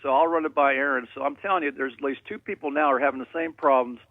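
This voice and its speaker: A man's voice: mid-range voice, fairly even intonation, quick pace. A man calling in to a radio show, telling rambling, jokey stories over a phone line. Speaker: caller.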